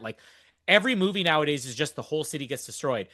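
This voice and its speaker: Very fast and expressive, a young man with a slightly high, bright, forceful voice hosts a podcast recapping a movie. He's casual and enthusiastic, rambling and laughing often, and the studio-quality recording has no room sound.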